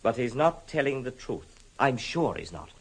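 An actor playing an anxious, formal gentleman worried about his look-alike cousin, in an old radio drama. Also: medium pitch, very animated, moderate pace, vocal fry, breathy edge, exaggerated voice, low-quality recording. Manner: hesitant, earnest, formal. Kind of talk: 1950s radio drama acting.

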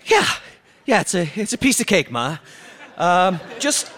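An exasperated grown son in a comedy sketch, his voice mid-pitched and animated. He sighs and strains to stay patient with his mother. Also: unhurried, full character voice. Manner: exasperated, sighing, lively. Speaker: son helping his mother with her computer.

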